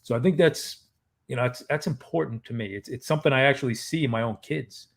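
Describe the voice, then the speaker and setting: A man's voice: mid-range voice, fast talker, creaky. A man co-hosting a fatherhood chat, speaking earnestly and reflectively, often repeating words. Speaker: podcast co-host. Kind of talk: casual chat.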